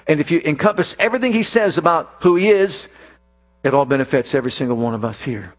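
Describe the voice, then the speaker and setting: A man's voice: sits high, expressive, a little fast. A male preacher delivering a sermon with emphatic, repeated declarations.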